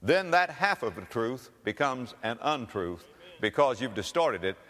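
A pastor preaches in a dramatic sermon style, his pitch rising and falling over a wide range as he leans hard on key words. His voice rings out with a long hall reverb around it. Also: sing-song, unhurried, fairly bright tone.

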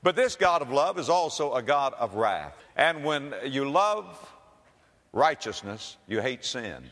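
A pastor preaches in a dramatic sermon style, his pitch rising and falling over a wide range as he leans hard on key words. His voice rings out with a long hall reverb around it. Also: very animated, a little slow, fairly bright tone.

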